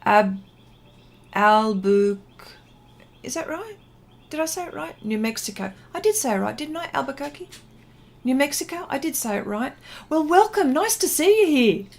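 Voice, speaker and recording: A woman's voice: sits high, very animated, moderate pace, pauses often. A middle-aged woman hosting a casual art livestream, chatting, reading viewer comments aloud and laughing often. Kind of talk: casual livestream chat while painting.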